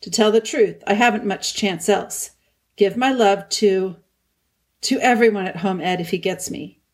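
A woman voicing a brave young king who speaks in a steady, clipped, understated way. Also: mid-range voice, measured pace, natural voice. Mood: grim. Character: young king Peter, brave and plain-spoken.

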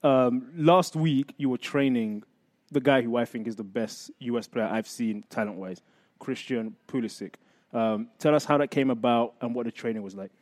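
A man in his thirties hosting a sports talk show, talking upbeat and energetic to his audience. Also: medium pitch, normal speed, no room sound. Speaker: show host and former player.

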